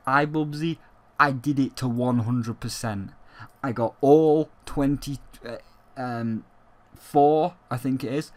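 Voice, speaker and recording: A young man talks straight to his viewers in a casual gaming vlog. He sounds emphatic and heated, with his voice at a middling pitch, and he swears freely as he pushes his opinion. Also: slow, darkish tone. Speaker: gaming YouTuber.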